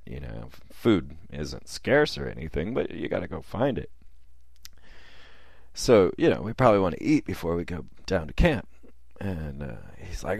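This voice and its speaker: A man's voice: low voice, creaky, no echo, clean studio sound. A man telling a personal story in a casual, rambling way with fillers and chuckles.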